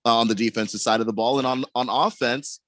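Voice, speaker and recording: A man's voice: medium pitch, fairly even intonation, quick pace, fairly bright tone, no echo. A man co-hosting sports talk radio in a studio, breaking down a game analytically and stammering on his first words.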